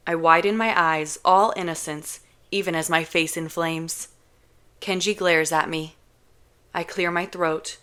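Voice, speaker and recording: A woman reading a novel aloud in a calm, measured first-person narration. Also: lowish voice, smooth. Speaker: audiobook reader.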